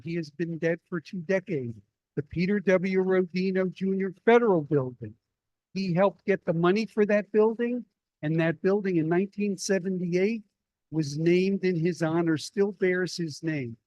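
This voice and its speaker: An older man with a New Jersey accent, giving a public lecture in a library and telling stories with animated asides. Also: a little high, no room sound, highs cut off. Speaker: guest speaker. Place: library event hall.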